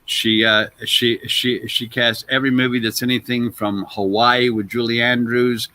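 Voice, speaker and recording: A man who is an actor, telling stories as an interview guest in a loose, animated way that trails off into "blah, blah.". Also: medium pitch, moderate pace. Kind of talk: anecdotal interview storytelling.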